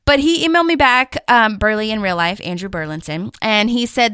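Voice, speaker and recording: A woman's voice: brisk, clean tone, no echo. A woman co-hosting a podcast, chatting casually through an episode recap and animatedly acting out the quotes she retells. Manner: animated, acts out quotes with big pitch swings. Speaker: podcast co-host.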